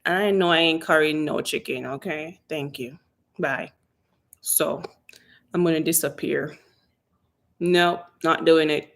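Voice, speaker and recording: A Jamaican woman with a slightly low voice is hosting a casual live Q&A. She talks in a sassy, animated way as she responds to viewers' questions. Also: slow pace, pauses often. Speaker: hair care channel host. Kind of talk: casual live-stream Q&A chat.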